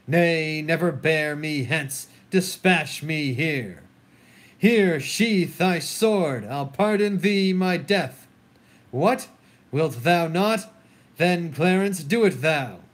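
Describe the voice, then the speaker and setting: A man's voice: fairly high pitch, slow. A man reading a grieving, furious queen. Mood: pleading. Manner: declaiming verse, anguished. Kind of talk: solo dramatic reading of a play.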